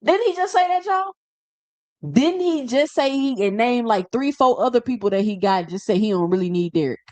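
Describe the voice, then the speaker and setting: Woman host, blunt, rhetorical questions, slightly high voice, dry sound. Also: animated, normal speed, darkish tone, dry recording. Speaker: reaction show host. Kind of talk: casual live commentary.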